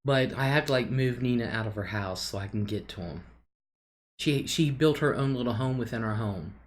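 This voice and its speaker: A woman's voice: extremely low pitch, moderate pace. A woman hosting a casual livestream, chatting loosely, reading viewer comments aloud and laughing often. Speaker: livestream host.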